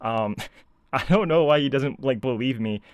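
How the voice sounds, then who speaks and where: A man's voice: mid-range voice, normal speed, smooth, no echo. A man ranting casually as a video commentator, sarcastic and exasperated, full of filler words. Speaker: YouTube commentator.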